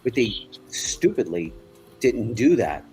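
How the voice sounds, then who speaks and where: A middle-aged man, telling stories in a halting, rambling way in casual chat. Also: mid-range voice, sing-song, darkish tone, slight background noise, rough recording. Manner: rambling, halting storyteller with many restarts. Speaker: livestream co-host.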